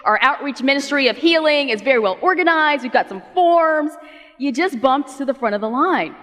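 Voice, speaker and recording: A woman voicing an indignant male synagogue leader who shouts about rules, programs and forms. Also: high-pitched, expressive, moderate pace. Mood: outraged. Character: outraged male synagogue leader, fussy bureaucrat. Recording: long reverb of a large hall.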